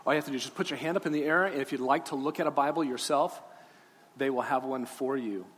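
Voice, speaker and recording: Pastor in a reverberant church hall. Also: male voice, medium pitch, slight background noise. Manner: gentle, coaxing with children, then earnest and rising. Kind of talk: Easter sermon with children's talk. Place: large church sanctuary. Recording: long hall reverb, faint room ambience.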